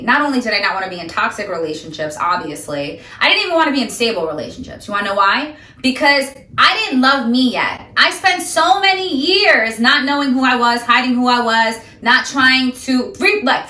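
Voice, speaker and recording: A woman delivers an emphatic, ranting motivational talk directly to her viewers. Her voice is fairly high and bright with a forceful edge. She sounds like she is recording in an echoey room, set back a little from the microphone. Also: recorded from a distance. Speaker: sobriety vlogger. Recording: echoey room, voice a bit off-mic.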